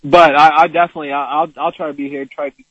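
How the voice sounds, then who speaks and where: A man's voice: a little high, level tone, quick pace, no room sound, muffled recording. A young man calling in to a sports talk radio show as a student contributor, talking casually with hesitant restarts. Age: young adult. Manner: hesitant, many fillers and restarts.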